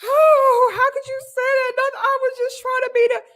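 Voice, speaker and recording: A woman's voice: very high voice, flat delivery, moderate pace, fairly bright tone, pitched above the performer's own voice. A woman voicing a tearful, dramatic mother who whines and pities herself. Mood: whiny. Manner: whiny, self-pitying.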